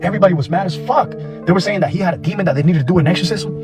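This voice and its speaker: A young man telling a story casually, animated, slangy and profane. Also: high voice, very fast, over music.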